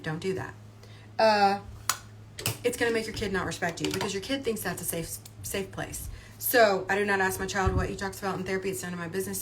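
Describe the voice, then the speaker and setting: A woman's voice: mid-range voice, a bit bright, a little hiss or hum. A woman talking on a casual livestream, emphatic and chatty, often repeating her points.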